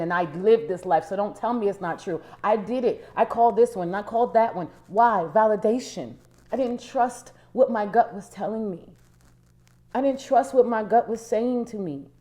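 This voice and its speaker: A woman life coach speaks straight to her viewers in a motivational talk. Her voice sits a little high but sounds mellow and warm. She hammers her points with emphatic repetition, then drops into quiet, low asides. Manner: preachy and emphatic, repeats key phrases.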